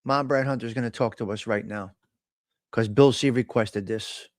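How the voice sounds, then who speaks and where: A man's voice: mid-range voice, steady tone, normal speed, no echo, studio quality. A man hosting a casual live stream, talking bluntly with a lot of profane trash talk. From Italian American. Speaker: host.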